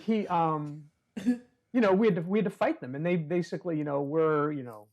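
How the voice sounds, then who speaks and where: A man talking as a podcast guest in a relaxed storytelling way. He leans on fillers, acts out other people's voices and slips in wry, self-deprecating humor. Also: on the high side, moderate pace. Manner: chatty, many "you know" fillers, acts out quoted voices. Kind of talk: casual conversational storytelling.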